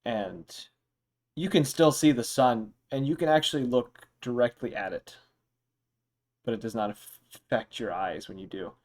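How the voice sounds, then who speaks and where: A young man running a tabletop game as dungeon master, narrating in a relaxed, meandering way with fillers. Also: medium pitch, normal speed.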